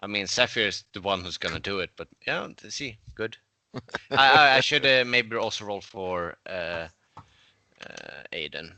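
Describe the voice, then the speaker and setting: A man's voice: on the low side, lively intonation, measured pace, sharp tone. A man playing a tabletop game, talking casually and rambling a bit, swearing now and then. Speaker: player.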